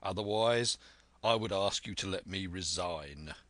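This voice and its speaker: A man's voice: sits low, fairly bright tone, dry recording. A man playing a stern, blunt sea captain. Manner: measured, deliberate, firm.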